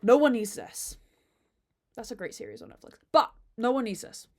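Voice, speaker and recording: In a fairly high, slightly mellow voice with lively intonation and normal speed, the podcast host talks casually to a phone camera from home. She's unfiltered, swings dramatically and swears heavily on her own show.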